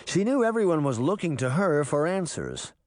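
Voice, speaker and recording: A man's voice: moderate pace, no room sound, studio quality. A man reading a children's fantasy novel aloud as a scripted audiobook, telling the story expressively. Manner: expressive storytelling, varied pitch.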